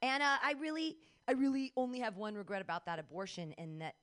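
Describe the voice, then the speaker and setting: A woman's voice: fairly high pitch, sing-song, quick pace, fairly bright tone. A middle-aged woman performing a stand-up set in a comedy club, in a blunt, conversational way.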